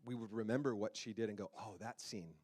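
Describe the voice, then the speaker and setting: Speaking briskly in a lowish, slightly mellow voice, this man delivers a relaxed sermon as pastor in the church sanctuary. He holds a handheld mic, stays playful and chatty, and often quizzes the congregation.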